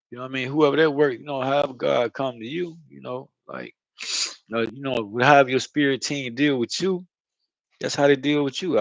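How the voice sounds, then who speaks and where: A man's voice: fairly high pitch, no echo, rough recording. A man talking casually into his own vlog, rambling and profane, often asking "you know what I mean". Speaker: channel host. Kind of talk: casual spiritual vlog monologue.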